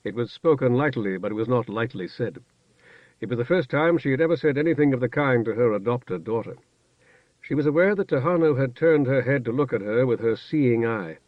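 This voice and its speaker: A man narrating a fantasy novel in a measured, even storytelling manner. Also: mid-range voice, no room sound. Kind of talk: audiobook narration. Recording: dull, dry studio recording.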